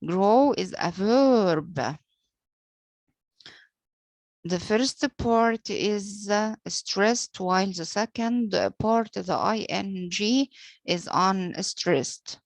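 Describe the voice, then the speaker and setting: A woman teacher whose first language is Arabic, explaining English poetry meter slowly, pausing often with "uh" and spelling out letters, following British pronunciation. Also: mid-range voice, no echo. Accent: British-leaning English pronunciation. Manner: slow and deliberate, frequent "uh" pauses, spells out letters. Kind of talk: slow explanatory lecture.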